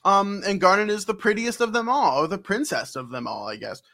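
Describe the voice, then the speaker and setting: Man, podcast co-host, casual game recap, rambling, slightly high pitch, bright. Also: lively intonation, brisk, gravelly. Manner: rambling, lots of ums, acts out scenes.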